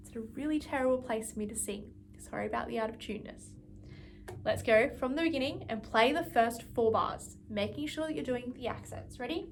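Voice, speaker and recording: A woman's voice: fairly high pitch, fairly quick, vocal fry, slight background noise. A woman music teacher giving an instrumental lesson, patiently explaining and counting beats aloud.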